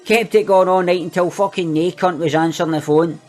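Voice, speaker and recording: A boastful young Glaswegian thief, played by a man, brags in a high, swaggering voice thick with swearing and street slang. Soft music runs faintly underneath. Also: fairly even intonation, fairly quick, lightly acted. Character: cocky young Glasgow petty thief, boastful and foul-mouthed. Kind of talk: comic monologue.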